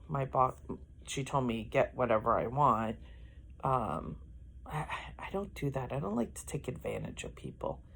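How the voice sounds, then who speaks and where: Slow, gravelly-voiced middle-aged woman. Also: very deep voice, a little hiss or hum. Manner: rambling, self-correcting, yawning often. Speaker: vlogger. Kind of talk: casual vlog chat.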